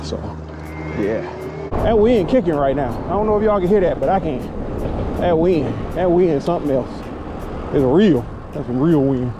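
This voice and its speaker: A man's voice: fairly high pitch, expressive, moderate pace, muffled recording, noisy background. A man riding an e-bike outdoors and vlogging as he goes, joking about himself in loose slang. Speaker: moto vlogger. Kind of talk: casual ride vlog. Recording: music playing under outdoor ride audio. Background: background music.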